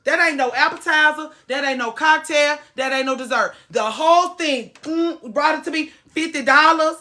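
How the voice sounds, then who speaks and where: Woman, podcast host, bright tone, emphatic and profane, casual rant. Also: sits high, moderate pace. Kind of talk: casual chat.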